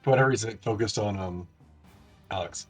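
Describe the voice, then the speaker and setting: A man's voice: on the low side, fairly quick, faint music behind. A man playing in a tabletop game, hedging and asking unsure questions. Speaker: player. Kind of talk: casual play chat.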